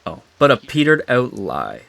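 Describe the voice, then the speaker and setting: A man's voice: medium pitch, wildly swooping pitch, moderate pace, creaky, a bit bright, no room sound. A young man chatting and reading a story aloud with a friend, laid-back and slangy, slipping over old words. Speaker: amateur story reader. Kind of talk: casual chat and read-aloud.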